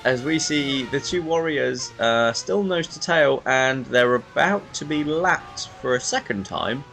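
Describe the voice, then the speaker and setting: A young man commentating a racing game in a lively, chatty way, often stumbling over driver names. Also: mid-range voice, a little slow, gravelly. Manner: animated, self-deprecating, stumbles over names. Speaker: race commentator.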